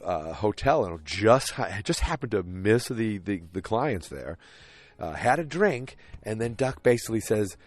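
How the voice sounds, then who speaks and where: An unhurried male podcast host with a fairly low, sing-song voice goes over an episode in a loose, rambling way. He keeps restarting and filling gaps, and he voices the characters' lines himself while retelling scenes. There's no echo.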